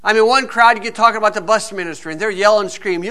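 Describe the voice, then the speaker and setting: A man's voice: high voice, racing, sharp tone. A man preaching a sermon in a folksy, joking and emphatic way.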